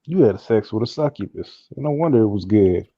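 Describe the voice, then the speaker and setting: A man's voice: lowish voice, animated, normal speed, creaky, husky, no room sound. A man co-hosting a casual podcast, chiming in with blunt, joking remarks. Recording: dull, dry, lo-fi sound.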